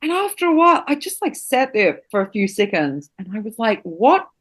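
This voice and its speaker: Woman guest from New Zealand, acting teacher, lively storyteller, swears and laughs easily. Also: medium pitch, normal speed. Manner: animated, swears freely, laughs often. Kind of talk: casual storytelling interview.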